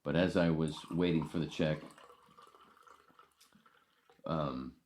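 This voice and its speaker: A man's voice: a bass voice, steady tone, takes it slowly, darkish tone, a little hiss or hum. An older man hosting a podcast, telling a rambling, profane story in a casual, ranting way. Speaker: podcast host.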